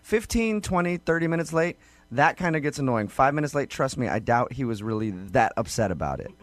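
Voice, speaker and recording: A man's voice: medium pitch, expressive, a little fast, no echo. A man co-hosting a radio show, teasing but reassuring a caller in plain talk. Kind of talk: morning radio banter.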